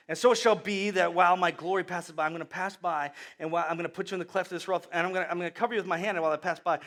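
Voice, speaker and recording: High bright animated male preacher. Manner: animated storytelling with acted voices and sudden loud outbursts. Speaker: pastor. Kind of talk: sermon.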